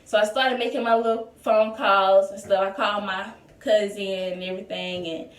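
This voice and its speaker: A woman's voice: medium pitch, steady tone, normal speed, recorded from a distance. A young woman telling a personal story in a casual storytime vlog, chatty and full of "like" and "y'all". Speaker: vlogger. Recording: echoey room, voice a bit off-mic.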